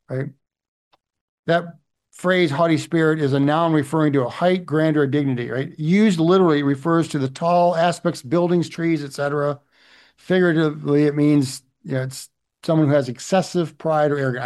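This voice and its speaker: A man's voice: on the high side, moderate pace, darkish tone. A middle-aged man preaching a sermon as a pastor, talking conversationally and often checking in with "right?". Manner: conversational, frequent "right?" asides.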